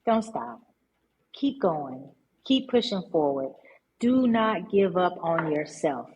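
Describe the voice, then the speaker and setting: A woman entrepreneur, a guest on an interview podcast, telling her story in a lively, emphatic way and repeating words for stress. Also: fairly low pitch, slow pace, a little hiss or hum, low-quality recording.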